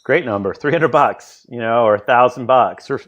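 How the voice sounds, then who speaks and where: A man's voice: medium pitch, normal speed, dull audio. Man, podcast host, casual chat, rambling anecdotes, mid-range voice. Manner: rambling, anecdotal, frequent restarts.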